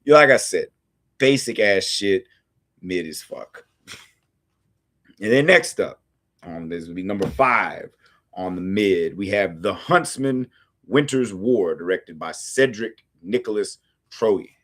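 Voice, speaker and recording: A man from the United States with a lowish voice talks through films in a loose, rambling rant. He swears constantly and leans on fillers as he goes. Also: expressive, measured pace, a bit bright. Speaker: host of a film review series. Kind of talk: casual ranting film review.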